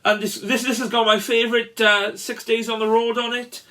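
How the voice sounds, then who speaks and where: Guy with a high bright voice rambling happily about old vinyl, lots of uhs. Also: flat delivery, normal speed. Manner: chatty, enthusiastic, many uhs and restarts. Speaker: guitarist showing his vinyl records. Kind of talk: casual record show-and-tell.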